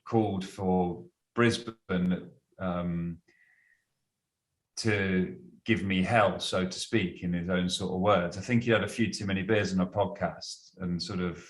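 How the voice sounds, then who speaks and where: A man's voice: deep voice, steady tone, measured pace. A man, a guest cricketer, chatting casually and telling anecdotes, laughing as he goes. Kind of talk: casual storytelling. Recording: roomy echo.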